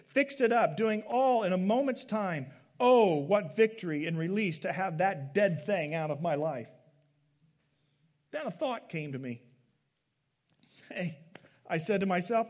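A man with a notably high voice preaches, reading a story aloud to his listeners. His delivery builds with dramatic emphasis, lifting louder on key phrases.

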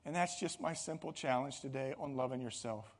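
A man's voice: mid-range voice, fairly quick. A middle-aged man preaching a sermon as pastor, earnest and building to emphatic bursts.

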